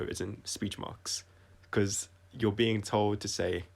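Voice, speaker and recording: A man talking through his own songs on a casual livestream, reflective and halting, often restarting his sentences and trailing off quietly. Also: lowish voice, gravelly. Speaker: singer-songwriter explaining his songs.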